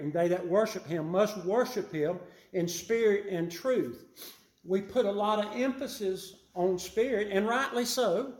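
A man preaching a sermon, emphatic and repeating his key phrases, rising louder on his main points. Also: high voice, reverberant.

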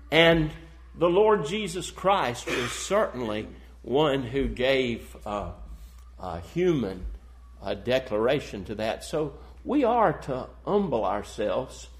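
A man preaching a sermon, reading scripture in a solemn old-style cadence and swelling into emphatic passages. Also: on the high side. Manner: reads scripture in solemn King James cadence.

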